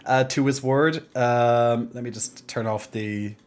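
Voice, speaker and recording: A man's voice: mid-range voice, steady tone, slow pace. A young man live-streaming at his gaming desk, chatting casually with viewers. He rambles and often restarts his sentences. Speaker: game streamer.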